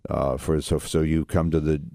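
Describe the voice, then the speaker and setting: A man with a very low voice hosts a radio talk show, rambling earnestly and restarting his sentences often. The studio sound is dry and close. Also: little pitch movement, normal speed, vocal fry, dark tone, no echo.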